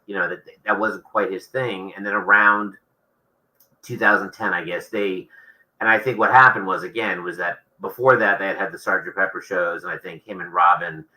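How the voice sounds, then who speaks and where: A man's voice: sits low, steady tone, normal speed, sharp tone, poor audio. A man, an author being interviewed, talking casually and rambling with many restarts.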